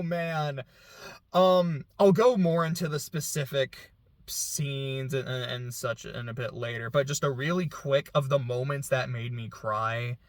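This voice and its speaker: A man's voice: medium pitch, no room sound. A young man talking casually through his reaction to a film, rambling and candid, laughing often and swearing now and then. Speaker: film reviewer. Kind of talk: casual movie reaction vlog.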